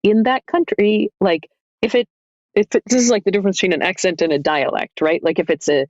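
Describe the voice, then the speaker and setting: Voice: mid-range voice, steady tone, fairly quick, no echo. A narrator talks as a guest on a roundtable, rambling and full of "like" while working through an idea. The audio is a little dull and lo-fi, and the room sounds dry. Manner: chatty, full of "like", thinking out loud. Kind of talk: casual roundtable discussion.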